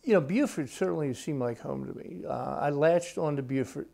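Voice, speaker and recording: An older man in his sixties tells stories at an unhurried, reflective pace. His voice is gravelly, with a mellow, dark tone, and his speech sits a little high for a man. He is an author being interviewed in his own home. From United States. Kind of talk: relaxed storytelling in interview.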